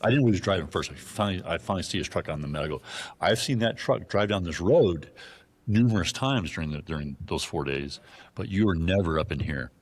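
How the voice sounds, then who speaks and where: A man telling a hunting story in a casual interview, animated and profane, acting out the voices of the people in it. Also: low voice, fast talker. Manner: animated, profane, acts out dialogue in his stories. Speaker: guest.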